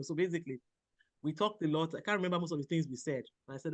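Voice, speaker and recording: A woman from Nigeria, a doctor in her thirties, telling a personal story as a podcast guest, animated, often laughing and quoting herself. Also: sits low, racing. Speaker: guest, general practitioner.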